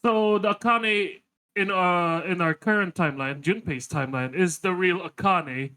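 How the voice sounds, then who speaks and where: A man's voice: high voice, moderate pace, sharp tone, clean tone, dry recording. A man casually chatting while watching a game, floating theories and joking. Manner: speculative, joking, laughs often. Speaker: game co-player. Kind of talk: casual chat.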